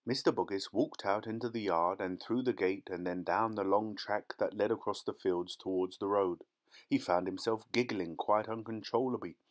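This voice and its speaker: A man narrating a story audiobook in a measured, even reading. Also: on the low side.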